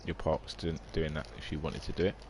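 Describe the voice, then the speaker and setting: A man's voice: extremely low pitch, level tone, fairly quick, darkish tone, a little hiss or hum. A man, chatting casually on a live game stream, rambling and reading out viewer comments.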